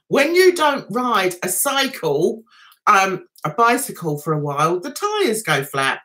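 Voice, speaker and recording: A woman hosting a casual livestream, telling stories in a chatty, animated way. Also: mid-range voice, a little slow. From United Kingdom. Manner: chatty, animated storytelling with mimicked voices. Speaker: livestream host.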